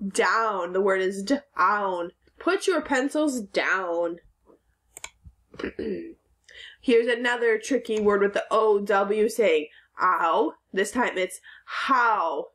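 Slow, patient woman teaching phonics. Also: medium pitch, expressive, a bit bright. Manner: slow, patient, sounds words out. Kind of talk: recorded phonics lesson for children.

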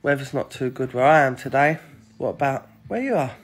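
A man's voice: mid-range voice, expressive, brisk. A man chatting casually to his phone camera, sentimental and jokey. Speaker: TikTok vlogger.

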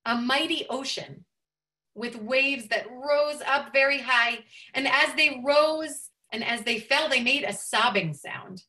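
Bright, high-voiced woman rabbi telling a story. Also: slow. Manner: expressive, lifts her voice for quoted speech. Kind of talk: storytelling teaching.

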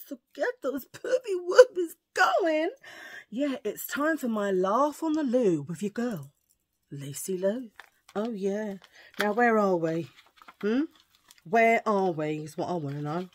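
A woman rambles cheerfully to her camera, mocking herself as she goes. Her voice is husky and a little tired, and her pitch swings widely from line to line. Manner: rambling, chatty, self-mocking. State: tired from poor sleep. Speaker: vlogger. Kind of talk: casual chat to camera.

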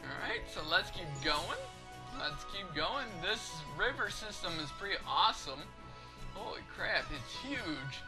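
A man's voice: sits high, very animated, measured pace, over music. A man giving casual, jokey commentary while playing a video game. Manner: jokey, goofy. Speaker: let's play host.

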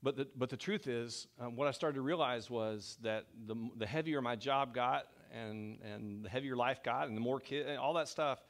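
A man's voice: medium pitch, moderate pace, few pauses, fairly bright tone. A middle-aged man preaching as a pastor in a church, talking in a conversational, self-deprecating way that often restarts his sentences. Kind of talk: sermon. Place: church sanctuary.

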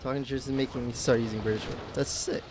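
A man's voice: mid-range voice, fairly even intonation, very fast, darkish tone, slight background noise. A young man from the United States chatting casually while live-streaming games, rambling and self-mocking. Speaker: game streamer.

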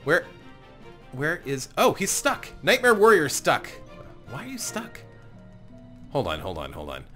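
Man hosting a casual game playthrough, chatty, sing-song pitch, slightly high voice. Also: huge pitch swings, a little slow, pauses often, a bit bright, faint music behind. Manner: apologetic, chatty, self-mocking, laughs often. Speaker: gaming channel host. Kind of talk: casual let's-play commentary.

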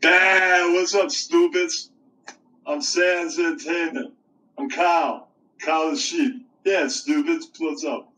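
A man voicing a rude male sheep puppet who sneers and insults everyone in a slow drawl. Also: on the high side, fairly even intonation, sharp tone, recorded from a distance, rough recording. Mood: sneering.

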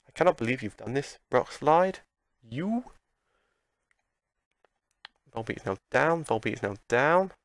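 Gravelly guy doing let's play commentary, gets worked up and yells at the game, dry close mic. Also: medium pitch, normal speed, no room sound. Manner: excitable, talks back at the game. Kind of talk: gameplay commentary.

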